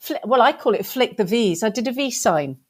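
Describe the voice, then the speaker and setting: A woman with a British accent, a guest in an interview, telling a funny story in a lively way and acting out the voices of the people in it. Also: a little high, brisk, breathy edge. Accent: British English. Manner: lively animated storyteller, acts out quotes.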